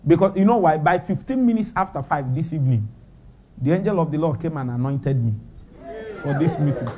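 A man's voice: fairly high pitch, animated, a little fast, warm tone, slight background noise. A man preaching a sermon, firing off rhetorical questions and breaking into laughter.

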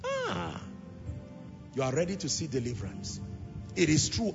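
A male preacher delivering an impassioned sermon, repeating lines and swelling into shouts and half-sung phrases. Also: a little high, huge pitch swings, measured pace, vocal fry, long pauses. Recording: reverberant hall, dull lo-fi sound, music behind.

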